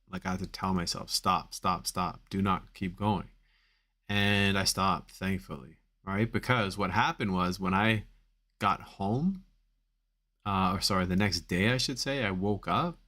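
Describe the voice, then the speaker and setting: A man's voice: deep voice, fairly bright tone. A man coaching on back pain in a live Q&A stream, talking casually with many fillers and repeated phrases for emphasis.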